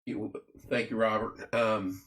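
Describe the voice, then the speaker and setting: A man's voice: on the low side, little pitch movement, takes it slowly, fairly bright tone. Chatty male talk show host. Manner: chatty storyteller, reads viewer comments aloud. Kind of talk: casual chat. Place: studio.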